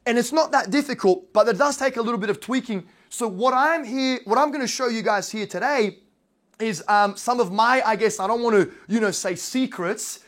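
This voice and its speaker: A man's voice: extremely high pitch, moderate pace, a bit bright. Rambling Australian man giving a presentation. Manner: rambling, heavy on fillers and tag questions. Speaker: real estate investor and brokerage owner. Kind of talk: casual slideshow presentation.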